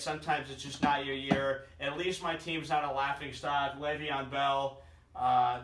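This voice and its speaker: A man's voice: mid-range voice, a bit bright. A man ranking his friends' fantasy football teams in a casual comedic commentary, full of puns and forever calling his listeners "guys.". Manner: jokey, pun-loving, keeps addressing his friends as "guys". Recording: echoey room, voice from far off the mic.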